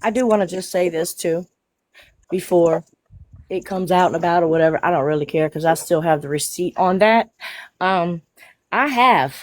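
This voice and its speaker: A woman speaking on a phone-based live stream call, her voice sitting a little low. She is blunt and indignant, swearing freely as she airs her complaints. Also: moderate pace, no room sound. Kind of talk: heated casual chat.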